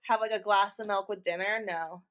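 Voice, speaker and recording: A woman's voice: mid-range voice, steady tone, moderate pace, fairly bright tone. A young woman co-hosting a podcast, chatting casually, rambling and laughing often. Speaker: podcast co-host. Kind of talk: casual chat.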